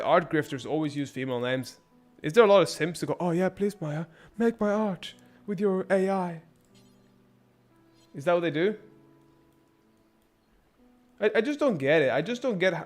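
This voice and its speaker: Male streamer, raised-pitch voice, rambling sarcastic commentary, faint music behind. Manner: rambling, crude and sarcastic, many restarts. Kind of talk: casual gameplay commentary.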